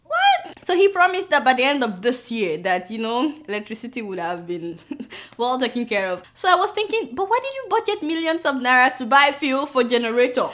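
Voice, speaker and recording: A woman's voice: high voice, big pitch swings, brisk, fairly bright tone, a little hiss or hum. A Nigerian woman hosting a satirical comedy commentary show, sarcastic and laughing often between remarks. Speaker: show host.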